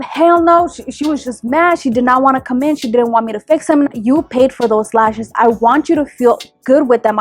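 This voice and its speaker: Chatty young woman telling a storytime. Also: on the high side. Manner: animated, talking to viewers with many fillers. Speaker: lash artist. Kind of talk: storytime vlog.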